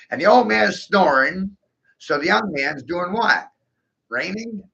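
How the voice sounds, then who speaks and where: A man with a gravelly, sharply forceful voice rants in a loose, profane monologue, laughing in between. The sound is dull and lo-fi. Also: high-pitched. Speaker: video host. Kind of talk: rambling monologue.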